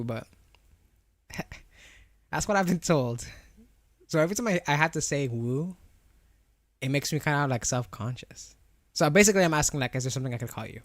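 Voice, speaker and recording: A man's voice: on the high side, dry recording. Young guy streaming, slight lisp on r's and w's, rambly chatter, dry close sound. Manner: chatty, rambling, answers chat with frequent restarts and laughs. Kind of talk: casual live-stream chat.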